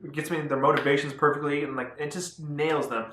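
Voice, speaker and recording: Young male vlogger: bright, rambling spoiler chat in a roomy space. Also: a little high, fairly even intonation, a little fast. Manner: rambling, filler-heavy, swearing. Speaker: movie vlogger. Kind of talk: casual spoiler review. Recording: echoey room.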